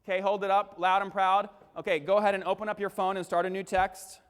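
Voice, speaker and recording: A young man with a high, bright voice delivers a punchy keynote, pulling the audience in with quick questions. His voice rings through a big hall with a long reverb tail. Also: little pitch movement, clear, resonant tone. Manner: punchy, crowd-engaging, acts out webinar lines. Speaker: keynote speaker. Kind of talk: energetic conference keynote. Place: large conference hall.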